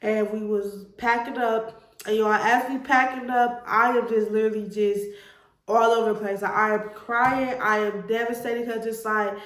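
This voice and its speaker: A young woman tells her own story straight to camera, earnest and emotional, calling her viewers y'all. Her voice sits fairly high. The room around her sounds echoey. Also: fairly even intonation, normal speed, fairly bright tone. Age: 20s. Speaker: vlogger.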